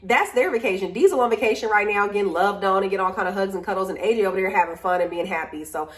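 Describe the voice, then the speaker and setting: A tired woman vlogging from home, casually and animatedly venting about a ruined trip to her camera. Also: medium pitch. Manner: animated storytelling, venting, drawn-out complaints.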